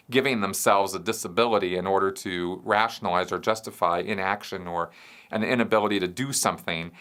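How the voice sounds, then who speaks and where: Guy hosting a q&a show, bright forward voice, explains things slowly and keeps asking right?. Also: lowish voice. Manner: explains step by step, checks in with "right?" and "you see". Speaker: show host answering viewer questions. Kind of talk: explanatory solo talk.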